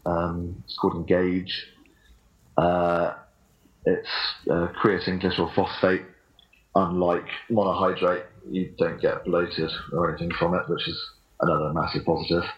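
A man's voice: low voice, little pitch movement, a little slow. A man in his thirties, a fitness athlete guest on a casual podcast, talking hesitantly with lots of ums and little chuckles. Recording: dull lo-fi recording.

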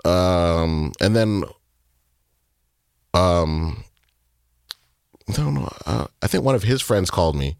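A man in his thirties, a music producer telling a personal story in an interview, speaking haltingly with many fillers and acting out what people said. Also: sits low, animated, creaky, clear, resonant tone, dry recording, studio quality. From Canada. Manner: halting, filler-heavy, reenacts dialogue.

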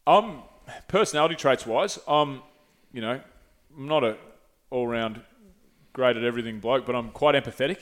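Candid, swearing bloke telling a story. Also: male voice, medium pitch, moderate pace, a bit bright. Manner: candid storytelling, frequent swearing, many restarts. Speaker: podcast host. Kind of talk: casual chat.

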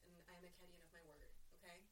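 A woman's voice: on the low side, little pitch movement, very fast, a bit bright, recorded from a distance, slight background noise, voice pushed down, close to an everyday voice. A woman playing a brash, protective female alien rogue, stammering when caught off guard and firm when she makes promises. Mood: determined.

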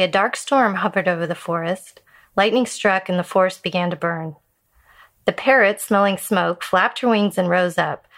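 A woman telling a Buddhist fable in a measured storytelling voice that slows for emphasis. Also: mid-range voice, fairly bright tone.

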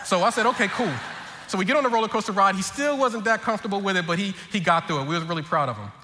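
A pastor preaches a humorous sermon, telling a comic family story and acting out every family member's lines with lots of energy. His voice is high and rapid-fire, with slight background noise, long hall reverb and faint ambience.

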